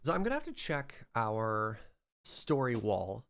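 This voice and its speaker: A young man from Western Canada chatting casually while streaming a game, quick to laugh and reading out chat. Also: mid-range voice, wildly swooping pitch, creaky, a bit bright. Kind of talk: casual gameplay livestream chat.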